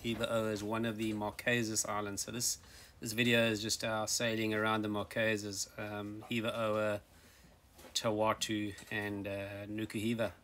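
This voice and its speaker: A man narrating a casual sailing travel vlog, relaxed and hesitant with frequent ums and uhs, recorded outdoors on a handheld camera. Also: lowish voice, moderate pace. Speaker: sailing vlogger. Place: outdoors on an island. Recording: windy outdoor noise.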